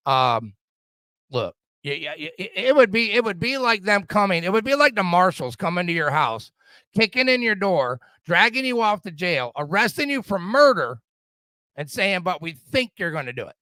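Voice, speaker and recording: A man's voice: sits high, sing-song, normal speed, pushed and bright, dry recording. A middle-aged man hosting a podcast, ranting casually and profanely about politics, often stammering and restarting his sentences. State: drinking whiskey. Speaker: podcast host.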